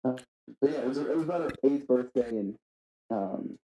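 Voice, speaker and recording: Male podcast guest, mellow mid-pitched voice, deadpan and halting. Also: poor audio. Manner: deadpan, halting with many fillers. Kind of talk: deadpan comedic podcast chat.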